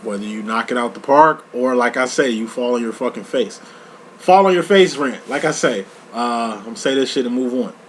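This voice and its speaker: A man giving a casual tarot reading, talking in a profane, slang-heavy, animated storytelling way. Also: mid-range voice, brisk, slight background noise. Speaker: tarot reader. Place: lives in Chicago.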